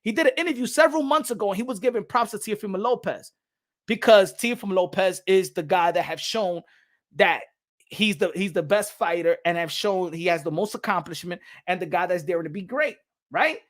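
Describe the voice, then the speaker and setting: A man's voice: sits high, a little fast. A man hosting a boxing channel in casual vlog commentary, emphatic and repetitive, laughing between points. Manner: animated, emphatic, repeats phrases often.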